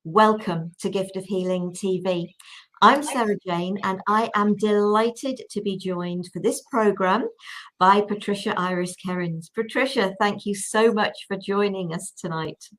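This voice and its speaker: A woman's voice: medium pitch, measured pace, a bit bright. Welcoming female show host. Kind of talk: presenting an online show.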